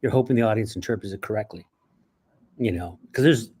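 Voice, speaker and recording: Animated storytelling man. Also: on the low side, brisk, breathy edge. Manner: animated, acts out voices, frequent restarts. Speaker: writer and actor, guest. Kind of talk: interview storytelling.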